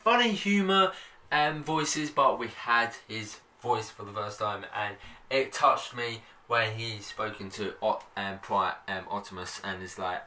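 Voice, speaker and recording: A man's voice: fairly low pitch, measured pace, sharp tone. A man giving a casual spoken film review, enthusiastic and rambling, with many fillers and restarts. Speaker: movie reviewer. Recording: voice a bit far from the mic, faint background noise.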